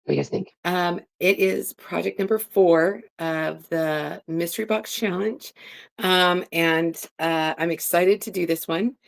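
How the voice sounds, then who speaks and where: Chatty craft lady, gravelly fry in her voice, dry close sound, talks thru every step. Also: lowish voice, steady tone, measured pace, dry recording. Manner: chatty, talks through each step with filler words. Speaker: craft vlogger. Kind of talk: casual crafting tutorial.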